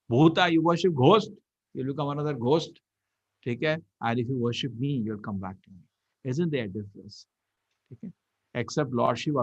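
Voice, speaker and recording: A man giving a lively scripture lecture as a temple preacher, telling stories animatedly. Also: mid-range voice, creaky, no room sound. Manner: animated storyteller, acts out quotes. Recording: dull lo-fi recording.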